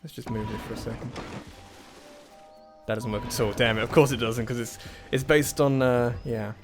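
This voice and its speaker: A man's voice: mid-range voice, steady tone, moderate pace, gravelly, music in the background. A man doing casual gameplay commentary on a puzzle game, muttering to himself as he works things out, with self-deprecating asides and sudden frustrated outbursts.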